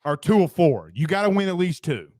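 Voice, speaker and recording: A man hosts a casual sports talk show in a slightly high voice. He talks in a quick, emphatic rush, reading out viewer comments and teasing his co-host. The sound is dry and close. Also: animated, darkish tone, no echo.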